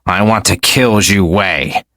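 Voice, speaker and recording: A man's voice: lowish voice, moderate pace, fairly bright tone, no room sound, studio quality, lightly acted. A man voicing a bitter young nobleman. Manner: tense, resentful, through gritted teeth. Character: ambitious young male noble, bitter and scheming.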